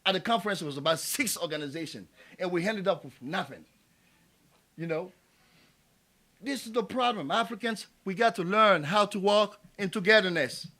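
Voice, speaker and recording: A man speaks at a small community gathering. His voice sits high and sounds bright and forceful. He talks with passion, repeats key phrases and pushes them louder. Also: moderate pace. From Ivory Coast. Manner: passionate, emphatic, repeats himself and builds to louder calls. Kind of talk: impassioned public tribute speech. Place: small cafe event space.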